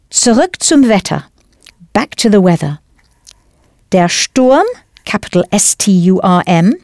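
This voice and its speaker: Slow, lively woman teaching a language. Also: medium pitch, no echo, clean studio sound. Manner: clear, careful teaching delivery, spells out words. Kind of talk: scripted language lesson narration.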